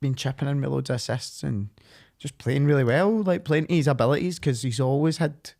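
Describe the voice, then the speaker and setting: A man's voice: mid-range voice, fairly quick, creaky, darkish tone. A man co-hosting a football podcast, blunt and sweary, laughing a lot. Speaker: podcast co-host. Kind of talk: casual football chat.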